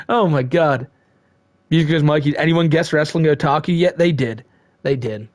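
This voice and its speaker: A man with a fairly high voice rambles through a casual live stream, reading and answering chat. He swears freely and laughs often. The sound is dry and close. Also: brisk, a little mellow, no echo.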